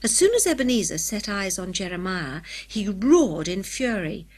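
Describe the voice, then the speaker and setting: A woman reading an adventure story aloud in clear, measured storybook narration. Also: mid-range voice, sing-song, a little mellow. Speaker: audiobook narrator. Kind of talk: scripted narration.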